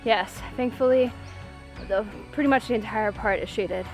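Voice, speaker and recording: Woman travel vlogger, bright higher register, chatty and giggly, outdoor trail, light music bed. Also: normal speed. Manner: chatty, laughs often. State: out of breath from hiking. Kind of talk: casual travel vlog. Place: outdoors on a forest hiking trail.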